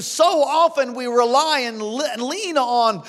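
A man preaching a sermon as pastor, fervent and exhorting, rising to shouts at times. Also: very high-pitched, a little slow, few pauses, in a large hall.

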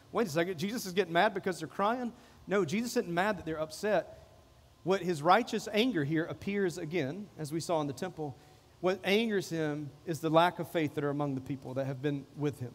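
A man's voice: fairly high pitch, brisk, big-room sound. A man preaching a sermon as pastor, repeating phrases and acting out the people in the passage. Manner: preaching with repetition, acting out quoted voices.

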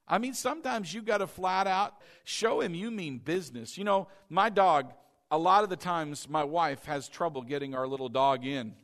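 A middle-aged male pastor preaching a sermon, loud and passionate, often calling out to the congregation for responses. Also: on the high side.

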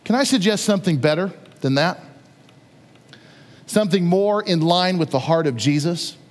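A man with a high voice preaching in a conversational, animated way, slipping in playful asides as he retells the story. His voice rings with a long hall reverb. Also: moderate pace. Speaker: pastor. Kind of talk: sermon.

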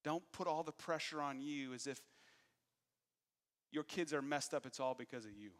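Candid pastor with a bright voice. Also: male voice, medium pitch, moderate pace, big-room sound. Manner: candid, self-deprecating storytelling. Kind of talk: sermon.

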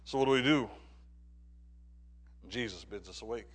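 A man preaching a sermon, often repeating and restarting words as his delivery swings from quiet reflection to urgent, rising exhortation. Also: medium pitch, moderate pace. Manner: stammering restarts.

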